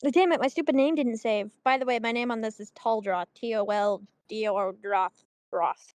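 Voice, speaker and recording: A woman's voice: on the high side, normal speed, a little mellow, no echo. A woman playing in a tabletop game, chatty and giggly with lots of fillers. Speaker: player. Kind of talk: casual chat.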